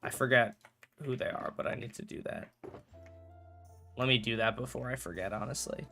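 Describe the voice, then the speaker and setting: A man's voice: medium pitch, normal speed, vocal fry, bright, forceful tone, faint music behind. A young man chatting casually on a live stream while playing a game, rambling, correcting himself and joking with chat. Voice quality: rambling, self-correcting, jokey.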